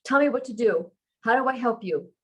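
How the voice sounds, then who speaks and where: A woman's voice: fairly high pitch, expressive, brisk, fairly bright tone, husky, pitched above the performer's own voice. A woman reading aloud, voicing a worried young man who asks urgent, anxious questions and tries to comfort someone. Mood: alarmed.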